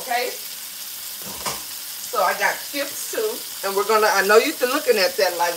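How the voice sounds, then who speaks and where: A woman hosts a recipe video, chatting playfully to viewers as she cooks in her home kitchen. Her mid-range voice is expressive, at normal speed with frequent pauses. The background is noisy.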